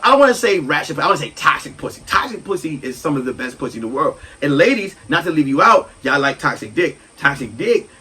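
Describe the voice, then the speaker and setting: A man in his thirties hosting a solo comedy podcast, ranting loudly and animatedly and breaking into shouts. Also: on the high side, fast talker, hardly any pauses, husky, far from the mic, low-quality recording. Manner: loud, animated, swings into shouting. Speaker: podcast host.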